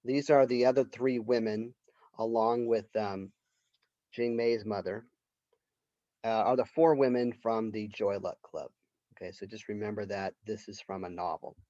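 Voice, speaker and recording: A literature professor gives a college lecture, retelling a plot in a conversational storytelling style. His voice is fairly low, dark and steady, and he speaks unhurriedly. The recording is dry, dull and lo-fi.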